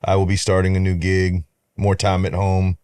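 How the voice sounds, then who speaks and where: A man's voice: low-pitched, completely flat delivery, normal speed, darkish tone, clean tone, dry recording. A man co-hosting a casual chat podcast, bantering playfully. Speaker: podcast co-host.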